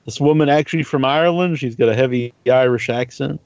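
A man chats casually on a podcast, rambling through stories and swearing freely. His pitch sits in an ordinary middle range. The recording is dry and a little dull. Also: quick pace, darkish tone, clear, resonant tone, dry recording. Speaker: podcast co-host. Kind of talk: casual chat.

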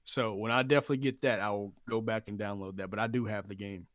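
A man co-hosting a casual podcast chat, relaxed and teasing, with some casual swearing. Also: fairly low pitch, fast, no echo, clean studio sound. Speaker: podcast co-host.

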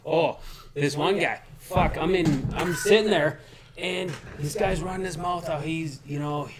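A man from Canada talks as a podcast guest, slightly high-pitched and blunt, swearing freely as he tells his stories. A steady crowd chatter runs behind his voice. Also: unhurried. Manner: profane, blunt storytelling. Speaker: guest, MMA fighter. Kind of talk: casual podcast chat.

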